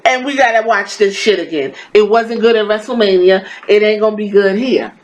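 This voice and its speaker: A woman's voice: medium pitch, fairly quick, rough recording. A woman hosting a podcast, giving a casual wrestling review in a blunt, profane, exasperated and sarcastic rant. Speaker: podcast host.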